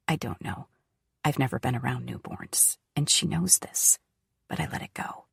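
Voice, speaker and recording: Hushed, husky woman narrating an audiobook. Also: rumbling low, sing-song, normal speed, no room sound, studio quality. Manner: hushed, often whispery delivery. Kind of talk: first-person audiobook narration.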